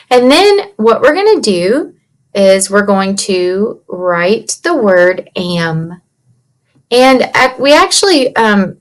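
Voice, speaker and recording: A woman teaching young children a writing lesson from her computer, slowly and patiently sounding out letters and words. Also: on the high side. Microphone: computer mic.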